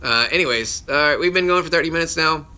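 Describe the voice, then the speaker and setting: He talks fast in a slightly high, bright voice that is forceful, clear and resonant. This voice actor is doing a casual phone livestream from home, his kids nearby, fielding viewer questions in a rambling style with self-interruptions and chuckles.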